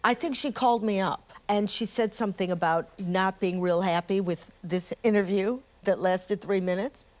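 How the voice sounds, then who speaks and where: A woman's voice: mid-range voice, moderate pace, few pauses. An older woman presenter looking back on her past interviews, candid, wry and self-mocking, in a reflective documentary narration.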